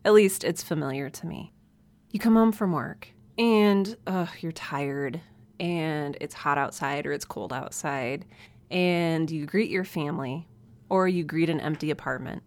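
A woman with a Midwestern American accent hosting a casual solo podcast from her home office, chatty and self-deprecating, laughing often. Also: sits low. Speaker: podcast host. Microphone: desk mic.

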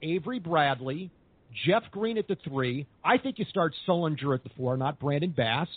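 A man's voice: on the high side, lively intonation, moderate pace, slightly rough, no echo. A man hosting a sports talk podcast, talking in an upbeat, optimistic way. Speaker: podcast host. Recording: phone-like line.

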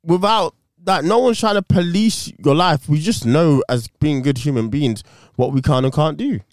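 A man's voice: fairly high pitch, moderate pace, no room sound, clean studio sound. A man co-hosting a podcast in casual chat, blunt and opinionated, swearing freely. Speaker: podcast co-host.

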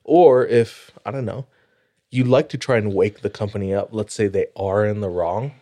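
A man with a low-pitched voice chats casually on a podcast. He tells stories and breaks into laughter often. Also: moderate pace, warm tone. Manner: laughs a lot while telling stories. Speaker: podcast co-host. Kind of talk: casual chat.

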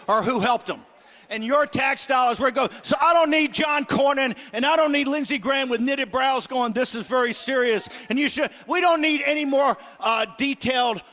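A middle-aged man hosting a political talk show, ranting combatively and shouting in bursts. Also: very high voice. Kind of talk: fiery political rant.

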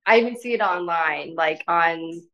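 A woman as a podcast guest, talking in a gentle, rambling casual way, full of "like" fillers. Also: on the low side, normal speed, dull audio. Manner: rambling, filler-heavy with frequent "like"; soft, gentle delivery. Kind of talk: casual interview conversation.

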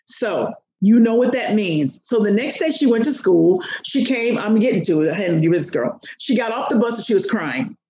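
A woman's voice: fairly quick, hardly any pauses. A woman coach, a podcast guest, telling a story expressively and acting out the quotes. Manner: expressive, acts out quotes with big pitch swings. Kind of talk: animated storytelling in an interview. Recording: roomy echo.

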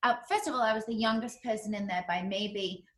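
A woman's voice: mid-range voice, a little fast, a bit bright. A woman with a British accent touched by New Jersey, co-hosting a casual podcast and telling frank, self-deprecating stories. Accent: British with some New Jersey. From Britain. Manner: candid, self-deprecating storyteller. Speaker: podcast co-host.

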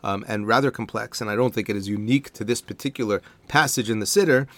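Calm man teaching, dry sound. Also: lowish voice, no room sound. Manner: calm, deliberate explanation with Hebrew terms. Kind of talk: measured spoken lesson on prayer.

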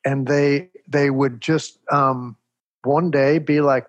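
An older man from Texas, an interview guest telling stories in a measured, reflective way, with a husky voice. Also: medium pitch, dry recording. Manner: measured, reflective, animated storyteller. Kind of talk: storytelling in conversation.

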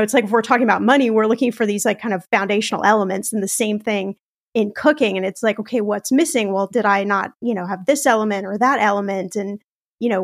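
A woman's voice: mid-range voice, vocal fry. A woman hosting a podcast, chatting casually and thinking aloud with restarts. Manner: hesitant, many restarts and fillers. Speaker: podcast host. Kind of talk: casual chat.

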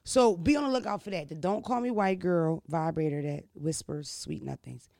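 A woman hosting a casual chat, telling stories in an animated, laughing and profane way. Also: deep voice, normal speed, vocal fry, no room sound, studio quality. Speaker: podcast host.

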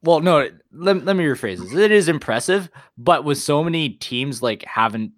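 A man's voice: fairly high pitch, expressive, normal speed, fairly bright tone, dry recording, clean studio sound. A man co-hosting an esports talk show, chatting casually and often rephrasing and stumbling over his words. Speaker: esports podcast co-host. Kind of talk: casual chat.

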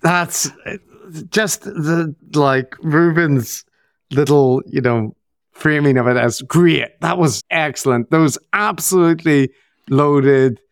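A man co-hosting a podcast, giving casual, animated commentary on media clips with frequent restarts. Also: fairly high pitch, slow pace, gravelly, dry recording, studio quality. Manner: animated, exasperated critique with restarts. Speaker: podcast co-host.

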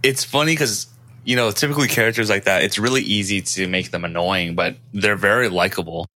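A man's voice: fairly low pitch, fairly even intonation, fairly quick, pushed and bright. A man co-hosting a podcast, chatting casually about a film and mostly agreeing with short replies. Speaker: podcast co-host.

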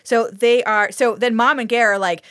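A woman's voice: on the high side, moderate pace, no echo, studio quality. A woman co-hosting a podcast, recapping a TV episode in casual chat, swearing often and getting exasperated as she tells it. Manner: sweary, animated storytelling with exasperated asides. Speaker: podcast co-host.

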